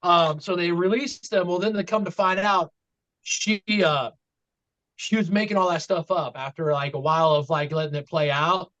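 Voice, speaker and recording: A man co-hosting a casual wrestling talk show, calmly explaining background details with some fillers. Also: on the high side, normal speed. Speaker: podcast co-host. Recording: dull lo-fi mic.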